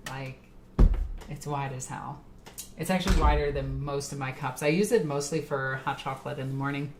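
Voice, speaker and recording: A woman's voice: very deep voice, fairly even intonation, moderate pace, noisy background. A tipsy woman streamer chatting casually with her live chat, rambling and laughing often.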